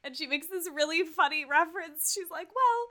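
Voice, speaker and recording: Bright, giggly woman chatting. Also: high-pitched, fairly quick. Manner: giggly, animated, quotes characters in playful voices. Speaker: podcast co-host recapping a TV episode. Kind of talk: casual chat.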